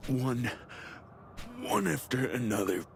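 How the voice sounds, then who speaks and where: A slow, menacing villain. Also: male voice, mid-range voice, very animated, creaky, slight background noise, exaggerated voice. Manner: slow, menacing, theatrical with mocking laughs. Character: sinister ancient male villain, taunting and grand. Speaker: boss character. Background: game music.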